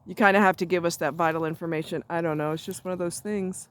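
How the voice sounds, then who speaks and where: A woman's voice: lowish voice, steady tone, fast. A woman telling a story in casual chat, blunt and salty with frequent asides, recorded outdoors near a road while walking her dog. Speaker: vlogger.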